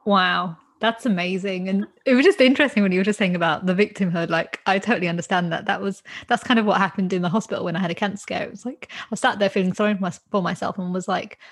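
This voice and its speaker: Female interview host, husky tone, reactive and chatty. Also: medium pitch, fairly even intonation, quick pace, few pauses. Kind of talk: conversational interview.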